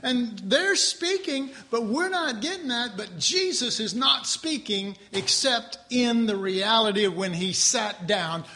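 A man teaching a Bible class in a conversational, animated sermon style, with asides to his listeners. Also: high voice, measured pace.

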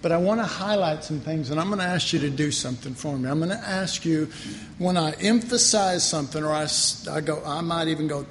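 In a church hall, a man with a high voice preaches a little fast, animated and emphatic, hammering home his main points. His voice echoes through the reverberant space over a faint background hum.

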